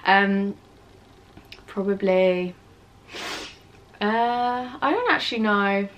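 A woman's voice: medium pitch, unhurried, long pauses, a bit bright. Chatty young British woman vlogger. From England. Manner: chatty, self-mocking, rambling. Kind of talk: casual Q&A chat. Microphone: camera on tripod with ring light.

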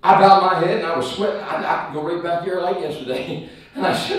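Male evangelist, folksy animated storyteller, high voice, heard from a distance in a very echoey church. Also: brisk. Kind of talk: sermon testimony storytelling. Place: church sanctuary.

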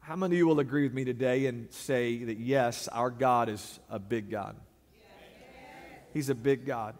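A man preaching a sermon as pastor, dramatic, swinging from loud declarations to hushed, low lines. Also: normal speed. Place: large church sanctuary. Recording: long reverb of a large sanctuary.

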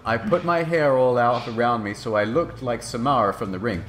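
A man reading fan fiction aloud in a deadpan, mock-serious comedic style. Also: medium pitch, moderate pace. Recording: narration clip with background noise.

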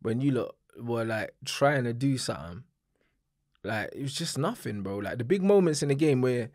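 A young man giving a calm, measured take on a football match in casual slang. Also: medium pitch, no room sound, studio quality.

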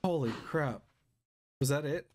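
Pitched on the high side and unhurried, this young gaming YouTuber talks through a Minecraft let's play over game music. He's jumpy, letting out frequent gasps and exclamations.

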